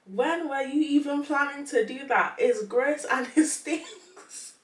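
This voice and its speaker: A woman's voice: high-pitched, normal speed. Young female vlogger, casual and incredulous, laughs a lot; roomy sound, mic set back. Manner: laughs often, animated and incredulous. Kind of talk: casual reading of online posts. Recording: echoey room, mic at a distance.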